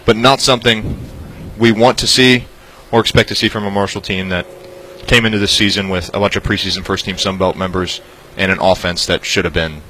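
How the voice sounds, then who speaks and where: A man's voice: deep voice, fairly even intonation, fairly quick, a little hiss or hum, rough recording. A man analysing a football game, methodically listing drive results and stats. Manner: methodical, lists stats, trails off softly. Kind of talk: postgame stats rundown.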